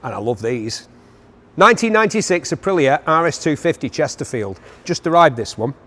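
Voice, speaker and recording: A man's voice: fairly high pitch, animated, fairly quick, fairly bright tone. A man with an enthusiastic, joking manner, presenting motorcycles for an auction preview and making asides to his cameraman.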